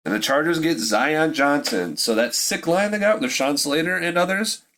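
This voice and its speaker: Excitable Pittsburgh man on a podcast, ranting live in disbelief, animated and a bit high-pitched. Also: normal speed. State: drinking beer. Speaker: podcast host. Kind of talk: live draft reaction commentary.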